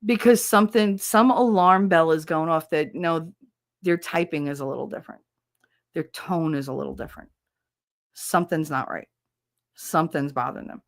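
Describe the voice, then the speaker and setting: A woman with a low-set voice hosts her podcast in an open, emotional monologue. She talks bluntly, swears without a second thought and keeps circling back to restart her sentences. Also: normal speed. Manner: rambling with frequent restarts. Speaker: podcast host.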